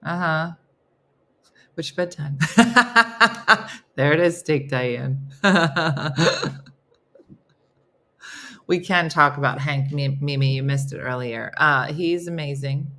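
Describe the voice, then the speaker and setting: A woman's voice: low-pitched, slow, long pauses, pushed and bright. A middle-aged woman hosting a casual live morning chat, laughing often and talking playfully to her viewers. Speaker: host of a live morning show.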